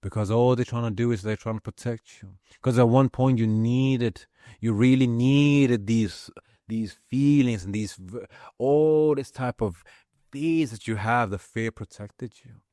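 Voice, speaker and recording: A man's voice: mid-range voice, measured pace, warm tone, dry recording, clean studio sound. A man giving an impassioned spiritual pep talk, repeating his lines and swearing freely for emphasis. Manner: profane, repetitive, emphatic. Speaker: motivational speaker.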